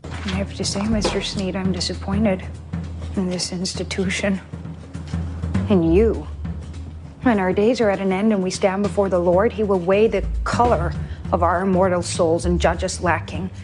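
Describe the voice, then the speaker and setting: A woman's voice: mid-range voice, steady tone, normal speed, close to an everyday voice. An actress playing a prim, devout woman who scolds a man in a stern, formal way, with music behind.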